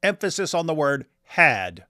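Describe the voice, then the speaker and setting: A man's voice: on the high side, big pitch swings, a little slow, pushed and bright, no echo, studio quality. A man hosting a livestream, reading viewer comments aloud and teasing his guest in a wry, casual way. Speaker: host.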